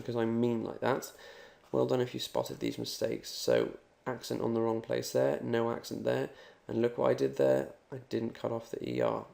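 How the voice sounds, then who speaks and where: Upbeat man teaching a recorded language lesson, mellow, heavy fry. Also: mid-range voice. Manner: upbeat, talks straight to the learner. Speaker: Spanish teacher.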